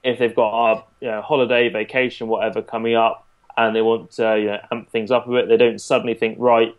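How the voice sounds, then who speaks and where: A man working as a fitness coach, explaining his approach in a relaxed podcast chat with frequent fillers. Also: lowish voice, fairly quick, narrow, tinny audio.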